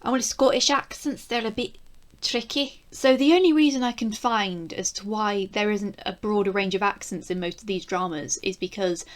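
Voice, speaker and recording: Chatty English woman, East Midlands accent. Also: mid-range voice. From England. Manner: chatty and wry, with asides. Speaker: video reviewer. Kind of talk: casual spoken review.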